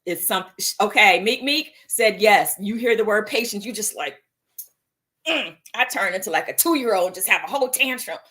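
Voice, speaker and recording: A playful woman hosts a live mindfulness chat at a medium pitch. She reads viewer comments aloud, tosses in "right?" and "y'all," and laughs easily. She slips into exaggerated voices for her asides. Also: expressive, moderate pace, bright, forceful tone. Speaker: host of a live mindfulness show. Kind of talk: casual live-stream talk about setting an intention.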